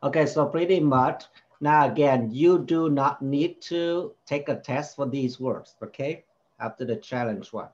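A man's voice: medium pitch, unhurried, a little mellow, muffled recording. A man tutoring a child in spelling, patiently repeating each word and sounding out its vowels. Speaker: home tutor.

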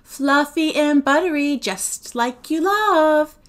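This is a vain, sugary teenage girl from a storybook reading, sweet-talking in a bright, lifted voice, a woman doing the part. She coos every word to charm, pitched well above the reader's own tone, with a slow, careful delivery. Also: sing-song, heavily acted. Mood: coaxing.

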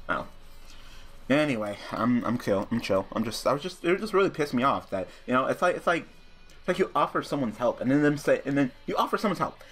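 A man's voice: fairly low pitch, fairly bright tone, a little hiss or hum. Profane young man ranting over a card game. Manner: profane, ranting, rambling with restarts. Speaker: gaming YouTuber. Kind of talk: casual card-game commentary.

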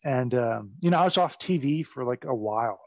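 Gravelly-voiced man telling a story. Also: medium pitch, a little fast, no echo. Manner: swears freely and acts out others' voices with excited exclamations. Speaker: podcast guest. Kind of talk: casual storytelling.

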